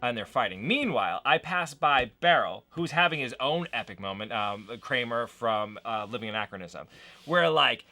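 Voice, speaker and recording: A man co-hosting a podcast, telling a story in casual chat, lively and finishing his partner's sentences. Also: medium pitch, moderate pace. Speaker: co-host.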